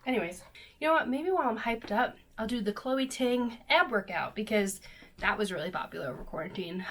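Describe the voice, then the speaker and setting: A young woman vlogs from her bedroom, chatting casually to her camera in a bubbly, self-deprecating way. Her mid-range voice has a fairly bright tone, and there's a little hiss or hum on the recording.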